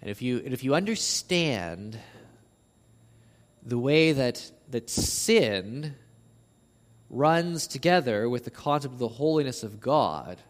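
A man preaching an expository sermon with passion. He repeats words as he builds a point, swings between near shouts and low slow passages, and reads scripture aloud. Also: very animated, long reverb tail. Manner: impassioned, rising to near shouts on quoted verses, then dropping low and slow.

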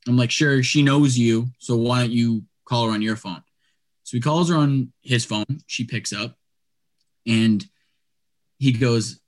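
A young man casually telling a long story on a podcast, chatty and animated, peppering his talk with "like" and "dude". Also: mid-range voice, moderate pace.

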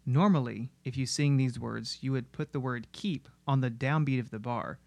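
A man giving scripted narration that explains music in an analytical, steady way. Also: mid-range voice, normal speed, creaky, no room sound. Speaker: music video essayist.

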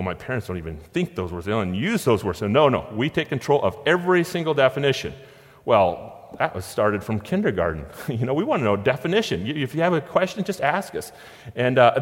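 A middle-aged man giving a conversational sermon with stories and chuckles. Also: on the low side. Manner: conversational, anecdotal, with frequent restarts and chuckles. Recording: long hall reverb.

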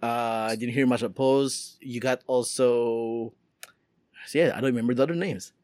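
In a clean studio with no echo, a male podcast co-host rambles casually, often restarting and using fillers. He has a mid-range, somewhat dark voice with fairly even intonation, moving at a normal speed.

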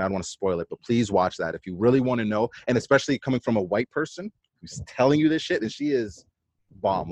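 A man's voice: fairly low pitch, no echo. A man speaking as a podcast guest over a remote call, emphatic and casual, swearing freely. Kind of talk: casual conversation.

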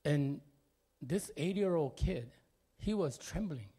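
A man from Korea speaking English, telling a personal family story. He talks expressively, jumping between loud and quiet, with many fillers. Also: a little high, lively intonation, slow pace, breathy edge.

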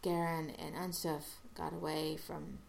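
A woman casually recapping a TV episode, halting with restarts and briefly acting out the characters' lines. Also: sits low, flat delivery, vocal fry, a little mellow, a little hiss or hum.

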